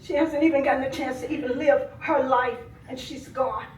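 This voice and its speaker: High-voiced older woman, impassioned, echoey hall. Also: fairly even intonation, normal speed, a little hiss or hum. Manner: impassioned, swinging from soft grief to loud anger. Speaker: grieving relative giving public comment. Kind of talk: impassioned public comment at a board meeting. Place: village board meeting room. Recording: echoey room, voice from far off.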